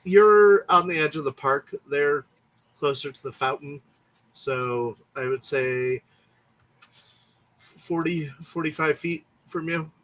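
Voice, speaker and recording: A man running a tabletop game as game master, easygoing and quick to laugh. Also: on the high side, fairly bright tone.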